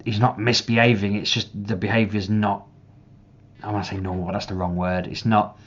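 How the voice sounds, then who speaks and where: A man's voice: fairly low pitch, brisk, dull audio. A young man talking casually to camera as a parent vlogger, rambling and restarting his sentences often. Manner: rambling, restarts often, animated when reenacting.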